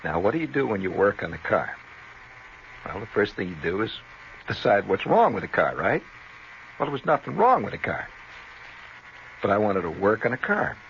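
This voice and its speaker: A man's voice: lowish voice, big pitch swings, moderate pace, gravelly, pauses often, slight background noise. A man hosting a radio show, telling a long rambling story with chuckles and asides like "see?" and "you know". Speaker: radio host. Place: radio studio. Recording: dull lo-fi 1970 radio broadcast.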